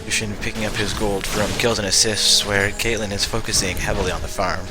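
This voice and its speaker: Male caster, deep voice, chatty live play-by-play with frequent self-corrections. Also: fairly even intonation, brisk. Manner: casual, chatty, corrects himself often. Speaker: esports commentator. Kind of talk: live game commentary for a stream. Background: game music.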